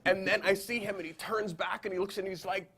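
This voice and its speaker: A man from Canada, a podcast guest, telling a story in an animated, casual way full of fillers. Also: high-pitched, fairly quick, a loud crowd. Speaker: guest photographer.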